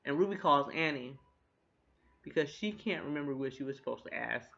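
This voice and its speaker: A lively man recaps a TV episode in a loose, chatty way and drops the odd swear word. His voice sits a bit high and sounds bright and forceful. The recording is dull and lo-fi. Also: brisk, creaky. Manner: animated, chatty, swears, laughs at jokes. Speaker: TV recap host.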